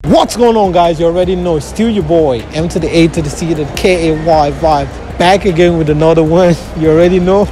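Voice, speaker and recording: A man's voice: fairly high pitch, fairly quick, few pauses, mellow, a little hiss or hum. A man from Africa hosting a casual street interview outdoors at a mall, upbeat and chatty. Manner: upbeat, chatty, laughs easily. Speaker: street interviewer and channel host. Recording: background music over the voice.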